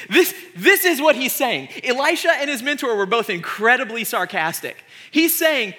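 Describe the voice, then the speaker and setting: A man in his thirties preaching a comedic sermon in an animated, joking, sarcastic way. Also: very high-pitched, moderate pace, hardly any pauses.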